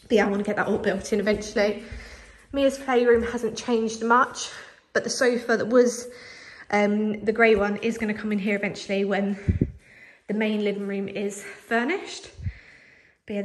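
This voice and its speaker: A woman's voice: mid-range voice, fairly even intonation, measured pace. Chatty, slightly breathless woman. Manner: chatty, lots of fillers. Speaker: vlogger. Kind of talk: casual house tour. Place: house, indoors.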